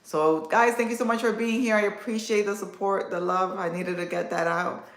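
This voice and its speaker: A woman in her thirties talks warmly and casually to her livestream viewers, reading out and answering their comments as she goes. Her voice sits in a middle range. The sound carries a noticeable room echo. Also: medium pitch, fairly even intonation, normal speed. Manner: warm, chatty, reads and answers viewer comments. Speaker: livestream host. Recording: echoey room.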